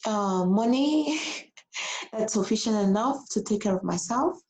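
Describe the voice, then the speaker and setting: A woman's voice: fairly high pitch, animated, measured pace, darkish tone, rough recording. A woman living abroad tells a personal story to her followers in a casual, emotional vlog, repeating herself and getting tearful. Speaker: vlogger.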